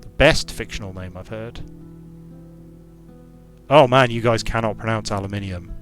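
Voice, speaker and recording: A man's voice: fairly low pitch, normal speed, fairly bright tone, soft background music. A man giving casual commentary while playing a strategy game, thinking aloud with frequent restarts and repeated words. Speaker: streamer and game designer.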